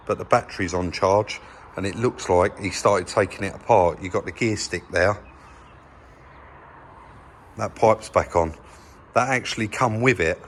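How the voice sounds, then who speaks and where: English man, lowish voice, casual workshop vlog, chatty explainer, faint room ambience. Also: fairly bright tone, slight background noise. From England. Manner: chatty, explains while pointing things out. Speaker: vehicle repair channel host. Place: vehicle workshop, indoors.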